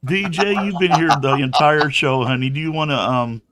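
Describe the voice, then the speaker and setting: A man's voice: a little high, expressive, normal speed, a bit bright. A man in a casual stream chat who teases his friends and calls them honey. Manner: teasing, calls people honey.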